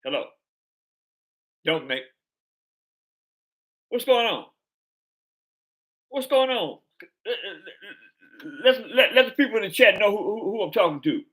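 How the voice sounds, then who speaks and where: A man's voice: high-pitched, big pitch swings, a little slow, long pauses, fairly bright tone. A man hosting a live stream chat, talking casually in slang and stumbling over repeated words.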